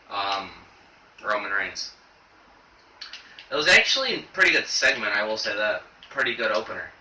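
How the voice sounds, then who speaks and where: A young man talks through a wrestling show in a halting, filler-heavy ramble, choked up as he goes. His voice is bright and tense. He is recorded on a camera mic set back in an echoey room, with faint noise behind him. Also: on the low side, distant mic. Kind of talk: casual video review.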